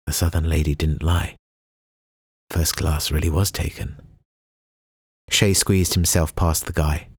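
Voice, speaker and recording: A man reading a novel aloud as an audiobook narrator, in a measured, even storytelling delivery. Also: a bass voice, breathy edge, no room sound, studio quality. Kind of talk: scripted narration.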